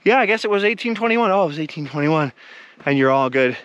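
A man's voice: a little high, expressive, fast talker, fairly bright tone, lo-fi sound. A middle-aged man, out of breath, chatting in a rambling vlog while hiking outdoors at old ruins. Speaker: vlogger. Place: outdoors at a desert mine ruin.

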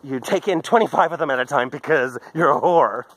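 A man's voice: a little high, fairly quick, a bit bright, breathy edge, no echo, low-quality recording. A man recording a candid, rambling video journal on a phone while walking outdoors, drifting off topic and laughing often. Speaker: video diarist. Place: outdoors on a daily walk in a park. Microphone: handheld phone.

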